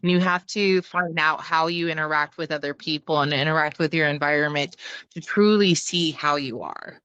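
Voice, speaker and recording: A woman chats openly as a podcast guest, scattering "like" and "you know" through her sentences and now and then swearing. Her voice sits a little low but sounds bright and forward. The recording is close and dry. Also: normal speed, smooth, no room sound, dull audio. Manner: chatty, full of "like, you know" fillers, swears casually. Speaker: podcast guest, clowning teacher. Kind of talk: casual conversation.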